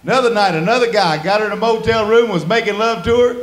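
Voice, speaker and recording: A man's voice: sits high, quick pace, roomy sound. A man doing a crude stand-up comedy set, drawling through stories and acting out the voices. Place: comedy club stage before a laughing audience.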